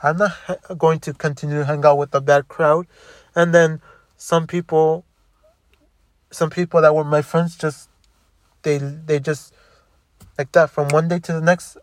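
A man's voice: on the high side, little pitch movement, measured pace, pauses often, no room sound. A young man telling a personal story in a bitter, profane monologue, rambling and restarting often.

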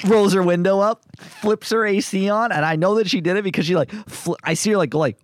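A man's voice: a little fast, dry recording, clean studio sound. A man on a casual podcast telling stories and acting out other people's lines in raised voices. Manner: animated storyteller, acts out quotes in high voices. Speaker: podcast co-host. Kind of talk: casual chat, storytelling.

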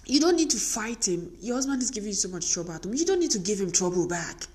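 A woman's voice: medium pitch, big pitch swings, fast, darkish tone. Earnest woman giving a faith-based pep talk. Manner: earnest, emphatic, repetitive exhortation. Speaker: motivational speaker for wives.

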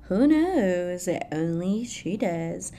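A young woman hosts a casual celebrity news chat on her pop culture podcast, swearing freely and laughing often. Her voice is fairly low and dark, with a sing-song lilt and drawn-out words.

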